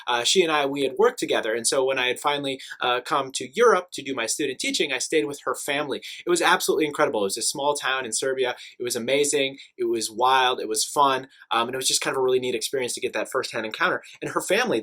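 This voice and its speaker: A young man, a teacher, casually telling travel stories to the camera in an animated, chatty way with lots of fillers. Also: medium pitch.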